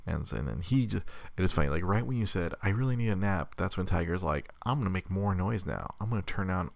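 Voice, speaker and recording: A man in his thirties co-hosting a casual chat, telling an animated story and acting out the voices of others. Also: low-pitched, fast, gravelly, no echo. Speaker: podcast co-host.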